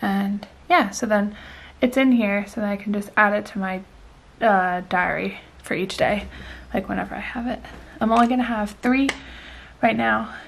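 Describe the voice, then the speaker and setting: A woman's voice: mid-range voice, gravelly, a little hiss or hum. A woman in her twenties chatting casually in a vlog, gushing and breathless, with lots of fillers. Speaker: vlogger.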